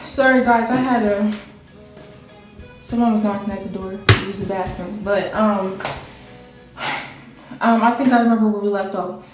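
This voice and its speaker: A woman's voice: mid-range voice, fairly even intonation, normal speed, pauses often. Young woman rambling through a storytime, super echoey room, faint music playing. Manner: chatty, rambling, laughs while telling. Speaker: vlogger telling a personal story. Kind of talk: casual storytime chat.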